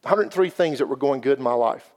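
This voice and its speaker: A man's voice: medium pitch, fairly quick, a little mellow. A man, giving an earnest, folksy personal testimony as a guest speaker in a church. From South Carolina. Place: church sanctuary. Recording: long hall reverb.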